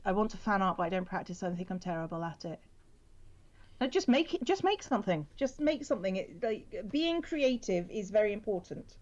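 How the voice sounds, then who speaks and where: A woman chatting casually as she draws on a livestream, her voice at an ordinary middle pitch. She talks hesitantly and plays herself down. The stream audio sounds a little dull and lo-fi. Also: very animated, brisk, a little mellow. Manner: self-deprecating, hesitant. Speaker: artist and stream host. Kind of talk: casual chat while drawing.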